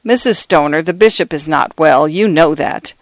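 A man's voice: a little high, normal speed, no echo, natural voice. A man voicing a weary, dry-spoken parish priest of fifty-nine in a read-aloud story. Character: weary 59-year-old male parish priest, dry and glum.

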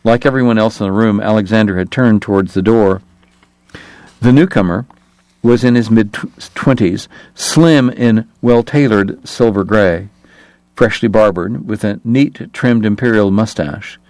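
A male audiobook narrator reading a historical novel in steady scripted narration. His voice sits low, and the recording is dry and close with no room sound. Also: unhurried, no echo.

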